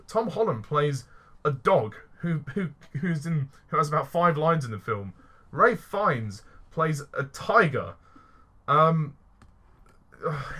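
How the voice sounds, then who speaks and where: Exasperated bright-voiced man ranting. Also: medium pitch. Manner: exasperated, swears, stumbles and restarts. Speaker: film reviewer. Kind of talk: ranting film review. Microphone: voice-only recording.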